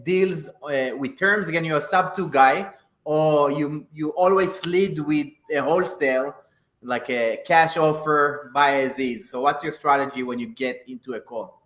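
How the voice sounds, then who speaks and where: Slightly high man in an echoey room. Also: a little slow, a bit bright. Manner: asks questions, many "yeah" and "mm-hmm" backchannels. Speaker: co-host. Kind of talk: casual interview. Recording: roomy echo.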